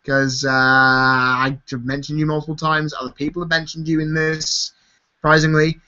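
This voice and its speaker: A worn-out man runs a casual live-stream Q&A, his voice a bit high and sharply bright. He swears easily and laughs a lot. The stream audio sounds dull and lo-fi. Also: completely flat delivery, normal speed. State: tired. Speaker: YouTube host answering viewer questions.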